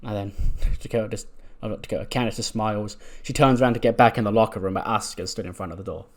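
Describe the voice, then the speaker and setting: A man's voice: on the low side, fairly even intonation, fast. Casual man retelling a wrestling game. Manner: casual, loose with fillers. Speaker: game streamer.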